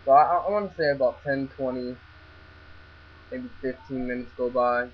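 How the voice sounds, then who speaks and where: A man's voice: medium pitch, moderate pace. A young man casually telling a story, stammering, restarting and swearing freely as he goes. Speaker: vlogger. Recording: dull lo-fi recording with faint mains hum.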